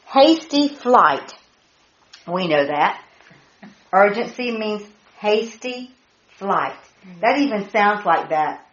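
A woman leading a Bible study, excited and animated, spelling out words and laughing as she teaches. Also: mid-range voice, slow pace, pauses often. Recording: echoey muffled room audio.

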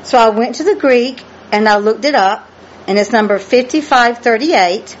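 A woman's voice: mid-range voice, moderate pace. A woman preaching a Bible study sermon, emphatic and drawn out, questioning her listeners and exclaiming praise. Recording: dull lo-fi recording with faint noise.

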